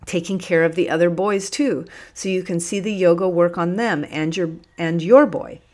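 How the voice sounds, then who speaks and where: A boisterous, hefty male prisoner who bursts out in excited exclamations and friendly teasing, as a woman reads him in an audiobook. The voice sits fairly low and never strays far from the reader's own. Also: normal speed, natural voice. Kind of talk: audiobook character voice.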